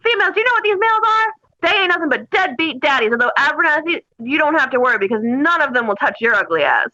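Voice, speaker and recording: A woman's voice: high-pitched, very animated, quick pace, pushed and bright, dry recording, exaggerated voice. Woman imitating a barking drill sergeant. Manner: barking, insulting. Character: gruff bellowing male drill sergeant. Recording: dull lo-fi audio.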